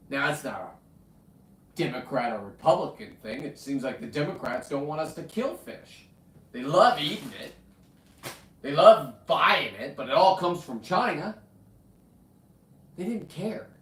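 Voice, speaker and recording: A brash, foul-mouthed man rambles through his livestream, his fairly high voice sitting a little off the mic. The room around him rings with echo. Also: fairly bright tone, recorded from a distance. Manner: brash, profane, talks to his dog. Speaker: livestream host.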